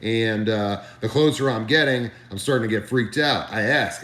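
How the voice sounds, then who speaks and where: A man on a live stream telling a comedic story, animated, ranting and swearing freely. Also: on the low side, fast talker, hardly any pauses, reverberant.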